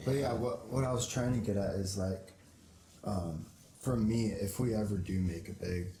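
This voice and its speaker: A young man from Portland, Oregon, who plays in a band, speaks earnestly but hesitantly, with lots of ums, in a casual interview. His voice is warm and on the low side, at a normal pace. The recording has an echoey room and faint background noise.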